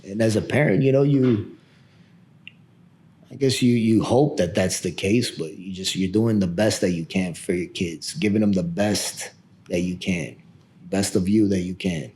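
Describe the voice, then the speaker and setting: A man in his thirties speaks with a somewhat low voice as a podcast guest. He talks casually about his family and acts out the voices of the people in his stories. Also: a little slow. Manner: animated storyteller who acts out the people he quotes. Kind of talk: casual storytelling chat.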